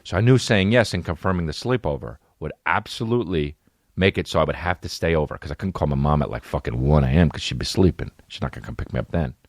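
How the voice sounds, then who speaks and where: Very deep-voiced man telling stories. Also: fast, dry recording, studio quality. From New Jersey. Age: 30s. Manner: profane, rambling and animated. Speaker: podcast host. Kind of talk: comedic storytelling.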